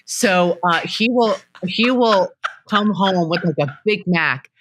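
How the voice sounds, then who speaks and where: A middle-aged woman, a guest on a talk show, telling stories in a chatty, animated way. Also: fairly low pitch, takes it slowly, slight background noise. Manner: chatty, animated storytelling, laughs easily. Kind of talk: casual interview chat.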